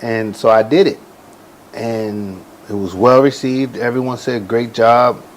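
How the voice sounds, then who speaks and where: A man in his forties, a boxer and ring announcer, telling stories in a casual interview with relaxed slang. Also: mid-range voice, measured pace, a little hiss or hum, poor audio. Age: 40s.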